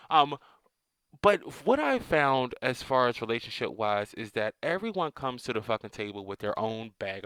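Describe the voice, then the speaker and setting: A man delivers a blunt, profanity-laced rant straight to camera, his voice at an ordinary middle pitch. He stumbles through restarts and filler sounds as he goes. The sound is close and dry. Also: a bit bright, no echo, poor audio. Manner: profane, blunt, repetitive, with frequent hedging restarts and "um"s. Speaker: vlogger. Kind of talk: casual ranting monologue.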